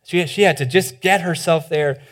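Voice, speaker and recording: A man preaching a sermon as pastor, earnest and conversational with many restarts, dropping to a hushed voice for appeals. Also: on the high side, normal speed. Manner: drops to a soft, hushed voice for appeals.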